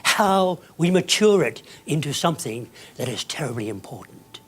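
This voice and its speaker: A man giving a dramatic, emphatic motivational speech to an audience, with sudden soft drops and loud bursts. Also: fairly high pitch, big pitch swings, normal speed, slightly rough. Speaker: keynote speaker.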